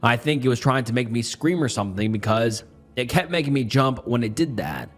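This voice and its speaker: A man narrating a first-person horror story in a tense, dramatic way, dropping low and quiet for asides. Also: expressive, brisk. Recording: faint music bed behind the voice. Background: faint background music.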